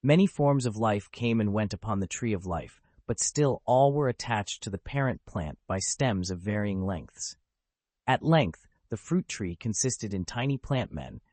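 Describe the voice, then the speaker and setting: A man's voice: on the low side, dry recording. A man voicing a proud, dignified pirate prince. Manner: calm, dignified, faintly ironic. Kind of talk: audiobook character voice.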